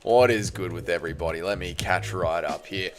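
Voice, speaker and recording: A hoarse man with an Australian accent hosting a casual livestream, reading viewer comments with loud, playful banter. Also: low-pitched, brisk, faint music behind. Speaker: livestream host.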